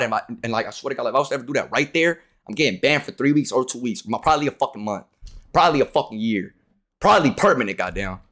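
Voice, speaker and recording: A young man streaming a game, ranting in a profane, casual way that swings from loud outbursts to low muttering. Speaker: livestreamer. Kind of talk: casual gameplay commentary.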